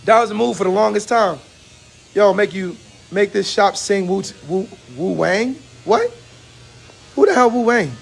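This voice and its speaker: A man hosting a casual barbershop chat, telling animated stories and laughing often. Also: high voice, moderate pace, creaky, long pauses, soft background music. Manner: laughs a lot, animated storytelling. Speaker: host.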